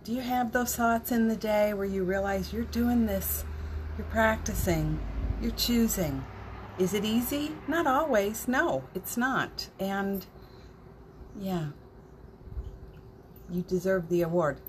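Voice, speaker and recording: A woman's voice: medium pitch, expressive, takes it slowly, long pauses, slight background noise. A woman hosting a spiritual morning livestream, chatting casually, reading out viewer comments, and getting emotional, with laughter and near tears.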